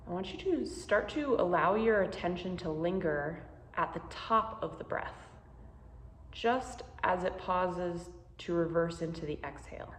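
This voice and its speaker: A woman guiding a meditation, speaking slowly and gently with soothing instructions. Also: on the low side, roomy sound. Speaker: meditation guide. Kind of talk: guided meditation.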